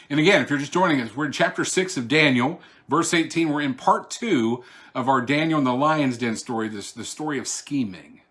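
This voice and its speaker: A man's voice: medium pitch, fairly bright tone. Man leading a casual online Bible study. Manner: conversational, with asides and repeated restarts; reads scripture aloud in a raised, declaiming voice. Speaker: pastor.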